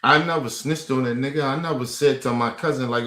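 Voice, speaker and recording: A man's voice: medium pitch, brisk, sharp tone, echoey room. A man in his forties ranting in a heated, casual way, profane and emphatic, repeating himself in street slang. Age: 40s. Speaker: host.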